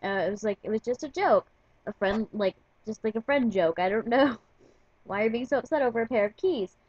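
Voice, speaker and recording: A woman's voice: fairly high pitch, fairly quick, a little mellow, no room sound. Chatty woman with muffled audio. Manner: chatty, filler-heavy retelling with frequent "like". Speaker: vlogger. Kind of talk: casual storytelling to camera.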